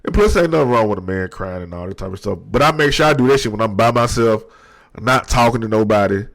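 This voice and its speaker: A man in his thirties talking slowly and candidly into the mic at his desk, reflective and low-key, with slang and many restarts. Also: animated, a bit bright. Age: 30s. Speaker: podcast host. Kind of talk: candid personal monologue.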